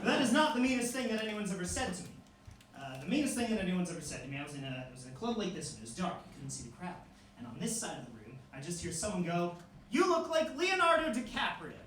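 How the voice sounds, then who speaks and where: A man in his twenties doing a stand-up set in a comedy club, telling stories deadpan and acting out hecklers. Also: high voice, rapid-fire. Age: 20s. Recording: live club room, echoey, distant mic, audible noise and laughter.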